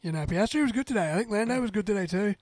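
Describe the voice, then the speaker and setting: A man co-hosting a casual podcast chat, upbeat and quick to agree. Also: sits high, expressive, a little mellow, no echo. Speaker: podcast co-host.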